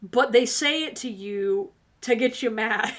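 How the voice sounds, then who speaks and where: On her tarot livestream, this host speaks at a measured pace in a voice on the high side. Her tone is sassy and casual, she addresses viewers directly, and she laughs a lot.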